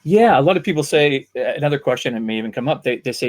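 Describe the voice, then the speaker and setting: A man from Vancouver, a voice actor telling casual, animated anecdotes and bursting into loud character voices. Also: mid-range voice, racing. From Vancouver, Canada. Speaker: voice actor guest.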